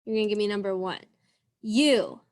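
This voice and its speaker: Slow, patient woman teaching over video call. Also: on the high side, fairly bright tone. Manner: slow, encouraging, drawn-out sounds. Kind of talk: online class lesson.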